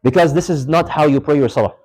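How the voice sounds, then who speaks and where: Man teaching a lively class, slightly high voice. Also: fast talker, poor audio. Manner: quizzes students, repeats key points for emphasis. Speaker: Islamic studies teacher. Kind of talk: interactive classroom lecture. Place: mosque lecture hall.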